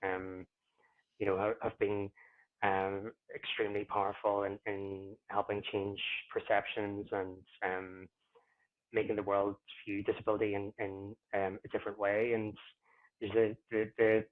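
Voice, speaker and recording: A man who is a podcast guest, talking in a reflective, unhurried way and often pausing to find his words. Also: lowish voice, flat delivery. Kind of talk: casual interview conversation. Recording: tinny phone-like line.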